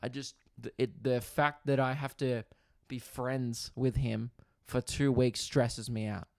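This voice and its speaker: A young man, a comedian hosting his podcast, telling a story in a casual, animated way, swearing freely and acting out other people's voices. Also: medium pitch, a little slow, no echo, studio quality.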